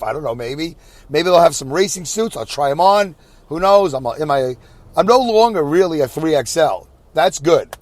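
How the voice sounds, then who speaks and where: A man from Brooklyn hosting a podcast, rambling in a self-deprecating way and talking to himself as he drives his minivan. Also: a little high. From Brooklyn, New York. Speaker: podcast host. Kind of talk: rambling solo monologue while driving. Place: inside a minivan on the highway.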